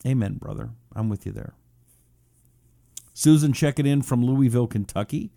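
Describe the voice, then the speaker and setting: A middle-aged male talk host with a dark, mellow voice speaks casually and chattily, reading viewer check-ins aloud. The sound is dry and close, with no room in it. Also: mid-range voice, normal speed, gravelly, dry recording. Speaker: radio talk show host. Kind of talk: casual live-stream chat.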